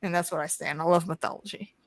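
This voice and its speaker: A woman's voice: fairly low pitch, steady tone, fast, no echo. A woman co-hosting a casual film podcast, chatty and playful, with frequent restarts. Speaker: podcast co-host.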